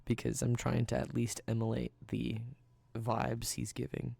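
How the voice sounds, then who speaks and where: Slow chill streamer guy, bit of fry in the voice, joking around while he plays. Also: mid-range voice, monotone, mellow. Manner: laughing, playful asides. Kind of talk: casual gameplay commentary.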